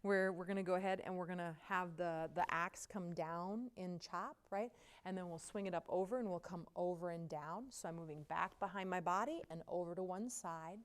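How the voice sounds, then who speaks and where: A woman's voice: on the low side, normal speed. A woman teaching a yoga class, giving casual, chatty movement cues while out of breath from the exercise. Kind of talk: guided yoga class instruction.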